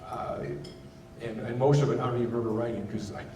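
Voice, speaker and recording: Man giving a halting testimony in an echoey hall. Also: medium pitch, fairly even intonation, mellow, distant mic, a little hiss or hum. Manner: halting, candid, many restarts. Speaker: keynote speaker. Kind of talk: personal testimony speech. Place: gala event hall.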